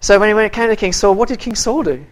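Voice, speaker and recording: A teacher talks a class through a Bible story, pitched in the middle of the usual range. The delivery is halting, stopping to repeat words and throw questions at the listeners, and it slips into quoted voices for the characters. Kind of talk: interactive Bible story lesson.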